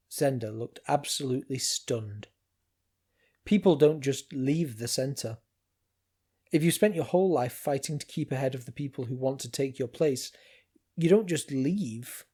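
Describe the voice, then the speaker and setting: A man reading a novel aloud in first person, calm and dry. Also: mid-range voice, a little slow, breathy edge. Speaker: amateur audiobook narrator.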